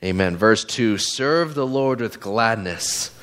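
A man's voice: fairly low pitch, animated, slow pace, fairly bright tone. A man giving a casual, conversational sermon in a church, full of fillers and asides to the congregation. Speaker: guest preacher.

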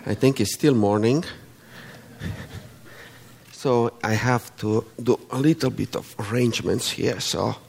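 Slow gravelly man with Romanian accent. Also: medium pitch, a little mellow, in a large hall. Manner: unhurried, halting with fillers, friendly asides. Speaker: guest preacher. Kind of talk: sermon.

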